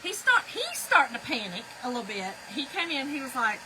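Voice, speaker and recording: Brief: middle-aged woman, animated live-stream storyteller, bright high voice, noisy room with a hair dryer running. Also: fairly quick, few pauses. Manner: chatty, animated, laughing, talks to viewers as y'all. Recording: background noise with a hair dryer.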